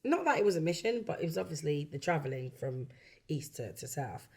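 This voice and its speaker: Low-pitched with a breathy edge, she talks fairly quickly. She's a London-born backing singer and songwriter in her early forties with a London English accent, and in this easygoing interview she tells career stories, imitates the voices she quotes and laughs frequently.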